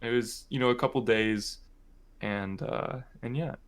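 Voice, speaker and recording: A man's voice: medium pitch, steady tone, unhurried, clear, resonant tone. A young man from Michigan, co-hosting a podcast, telling a family story in a rambling, casual way full of "like" and "um". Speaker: podcast co-host.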